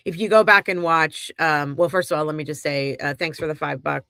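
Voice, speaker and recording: A woman co-hosting a podcast, with a bright, forward voice and a deliberate way of laying out her views. She frames her points carefully and agrees readily with her co-host. The sound is close and dry. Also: low-pitched, steady tone, clear, resonant tone, no echo. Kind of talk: casual opinion talk.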